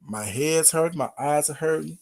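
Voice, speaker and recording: On a casual late-night stream, a livestream host swaps gossip with his chat, teasing viewers and laughing frequently. His voice sits on the high side, a little mellow with vocal fry, and he speaks at a normal speed.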